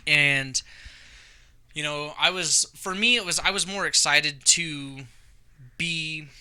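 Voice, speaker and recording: A man's voice: a little high, takes it slowly, clear, resonant tone, low-quality recording. A man in his twenties on a casual podcast, telling stories with lots of swearing and acting out arguments. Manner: animated, profane, acts out quarrels. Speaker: podcast co-host. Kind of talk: casual storytelling chat.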